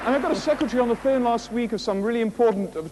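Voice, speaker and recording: A man, a motivational speaker, giving a jokey, animated speech to an audience, full of rhetorical questions and laughing at his own stories. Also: very high-pitched, racing, slight background noise, low-quality recording. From England.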